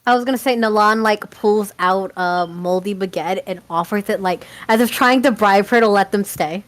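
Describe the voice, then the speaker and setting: Woman player, mid pitch, stammers, quick. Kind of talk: casual tabletop play.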